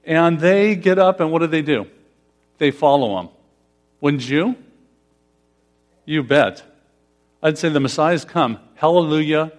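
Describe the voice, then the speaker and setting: A man's voice: fairly high pitch, lively intonation, a little slow, pauses often. A pastor preaching a conversational sermon, putting questions to his congregation. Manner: conversational, asks the congregation questions, laughs often.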